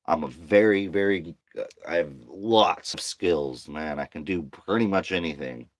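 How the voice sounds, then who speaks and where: A man's voice: sits low, moderate pace, no echo. A tired man venting to camera in a slangy, profane monologue, worn down and getting heated. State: exhausted.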